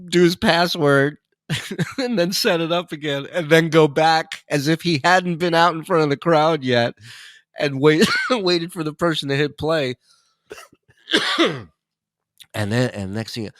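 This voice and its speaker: A man's voice: on the high side, measured pace, pauses often, no echo. Profane storytelling man, dry sound. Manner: animated, profane, laughs while telling stories. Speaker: podcast guest. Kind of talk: casual storytelling.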